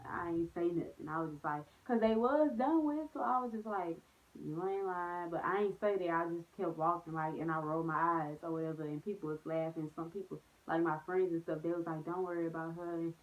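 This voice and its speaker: A young woman chatting casually in a vlog, telling stories with lots of slang and "like"s. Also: lowish voice. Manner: animated storytelling with slang and many "like"s. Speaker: vlogger. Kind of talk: storytime vlog, casual chat. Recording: phone-like narrow sound.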